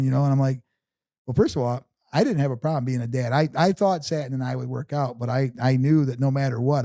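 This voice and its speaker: Halting middle-aged man telling a story. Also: mid-range voice, dark tone, no room sound. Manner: halting, repeats words, many "you know"s. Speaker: guest. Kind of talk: personal storytelling interview.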